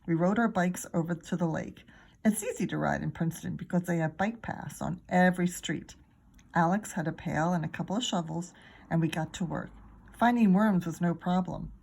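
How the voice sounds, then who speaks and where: Woman teacher, storybook read-aloud, low gravelly husky voice, lively. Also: normal speed. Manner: expressive, acts out each character. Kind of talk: reading a children's book aloud.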